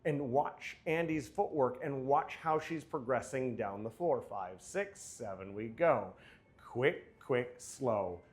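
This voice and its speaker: A man in a dance studio teaching while wearing a microphone. His pitch sits in the middle, and he talks casually, cracking jokes between counts. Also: a little slow, few pauses. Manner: joking, chatty, counts steps aloud. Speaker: dance instructor.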